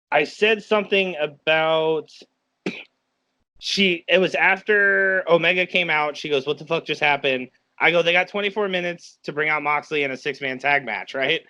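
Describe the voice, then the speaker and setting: A man co-hosting a wrestling review podcast, telling stories excitedly with lots of fillers in casual chat. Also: fairly high pitch, dull audio. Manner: excitable, quick storytelling with many fillers. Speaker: podcast co-host.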